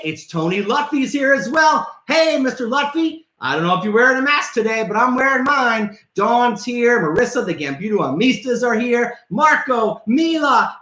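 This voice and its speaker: Brief: man hosting a kids' show, bright forceful voice, swoops up and down, echoey room. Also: very high voice. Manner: playful, theatrical, calls out to viewers. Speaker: kids' trivia show host. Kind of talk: upbeat live show for children.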